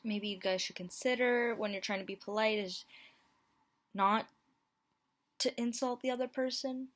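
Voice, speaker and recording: A woman's voice: fairly high pitch, fairly even intonation, normal speed. A young woman in her twenties reading out dating-app messages in a playful, self-mocking vlog. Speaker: YouTuber. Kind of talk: casual vlog commentary. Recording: home mic, plain audio quality.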